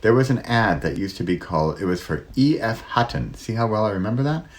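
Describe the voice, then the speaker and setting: A middle-aged man hosting his own solo talk, shifting his pace and loudness and dropping to near whispers to show how pauses work. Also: fairly low pitch, big pitch swings. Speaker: host.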